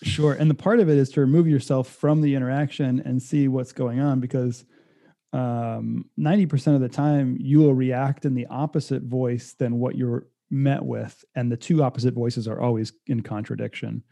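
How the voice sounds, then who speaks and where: Gravelly, very dark-voiced man. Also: medium pitch, steady tone, moderate pace. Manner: reflective, explains with acted-out quotes. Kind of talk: casual explanatory chat.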